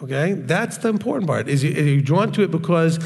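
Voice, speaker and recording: A man's voice: fairly high pitch, animated, brisk, creaky, a little mellow, big-room sound. A man preaching in a blunt, straightforward way on a live stream, often mocking other voices. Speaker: religious teacher.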